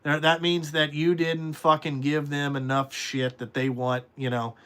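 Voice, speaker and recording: Blunt, profane, high-voiced man. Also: a bit bright. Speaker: trucking company owner. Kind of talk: casual podcast talk.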